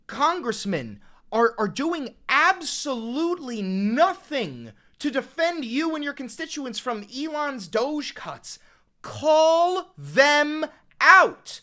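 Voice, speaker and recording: A man's voice: extremely high pitch, sharp tone. A man hosting a reaction video, cursing often and ranting with heated passion. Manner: profane, impassioned ranting. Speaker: host.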